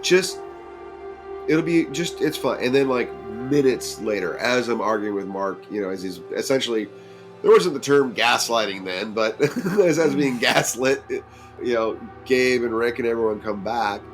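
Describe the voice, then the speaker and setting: A middle-aged man casually recounting a true story from his teen years as a podcast guest, lively and acting out other people's lines. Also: medium pitch, moderate pace, soft background music.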